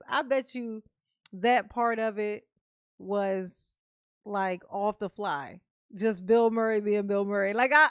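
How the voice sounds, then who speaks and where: A woman's voice: on the high side, no echo, studio quality. A woman hosting a reaction video, chatting casually and animatedly, laughing often and swearing freely.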